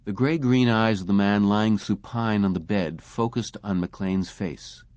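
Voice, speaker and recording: Low-voiced man narrating a story. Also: unhurried, a little mellow, no room sound. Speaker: audiobook narrator. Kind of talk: scripted narration.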